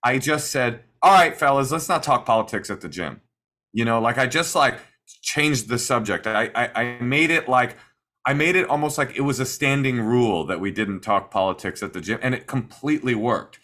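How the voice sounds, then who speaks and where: A man co-hosting an advice podcast in casual chat, trading deadpan, sarcastic jokes. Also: medium pitch, moderate pace. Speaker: podcast co-host giving advice. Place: hotel room.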